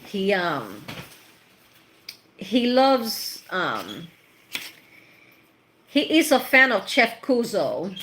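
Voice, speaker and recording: A woman's voice: medium pitch, huge pitch swings, extremely slow, pauses often, a bit bright, slight background noise. A middle-aged woman, a tarot reader, chatting casually and rambling with laughs and bits of Spanish slang. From Puerto Rico. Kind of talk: casual chat.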